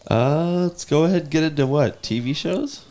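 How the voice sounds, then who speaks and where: A man's voice: a little high, moderate pace, a little mellow. A man in casual podcast chat, emphatic and profane. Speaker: podcast co-host.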